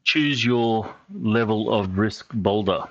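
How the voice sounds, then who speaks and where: A man acting as game master over voice chat, pausing often with ums and uhs as he calls for rolls. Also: lowish voice, no room sound. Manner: halting, with many ums and uhs. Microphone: online call mic. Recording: dull lo-fi mic with faint noise.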